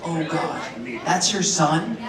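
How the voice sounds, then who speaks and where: A woman doing a crude stand-up set, deadpan punchlines with shouted asides, on a comedy club stage. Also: on the low side, slow, very noisy. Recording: echoey club from far off with loud crowd.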